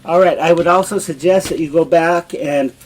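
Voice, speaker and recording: A man teaching a Spanish grammar lesson, explaining slowly and repeating each example in both languages. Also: fairly high pitch, a little hiss or hum, poor audio. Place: home, dogs nearby.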